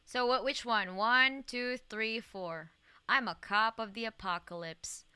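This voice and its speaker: Bright, swearing young woman streamer. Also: a little high, a little slow, clean tone, no echo. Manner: rambling, swearing, many "like" fillers; laughs often. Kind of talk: casual live-stream gaming chat.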